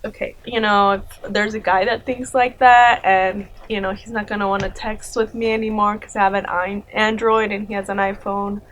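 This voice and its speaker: A woman's voice: mid-range voice, little pitch movement, moderate pace, hardly any pauses, a bit bright, a little hiss or hum. A woman in her thirties giving casual, sarcastic commentary, laughing often and saying "like" and "you know" a lot. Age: 30s. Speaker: commentary YouTuber.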